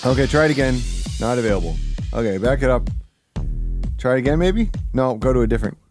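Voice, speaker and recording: A man's voice: medium pitch, quick pace, over music. A man hosting a live stream, chatting casually and joking while reacting to videos. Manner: laughing, joking, lively. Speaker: stream host.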